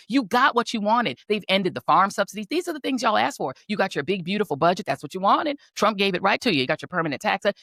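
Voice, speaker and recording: A woman's voice: mid-range voice, fairly bright tone, no echo, studio quality. A woman delivering an impassioned political rant, fiery and rhetorical, hammering repeated phrases for emphasis. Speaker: political commentator.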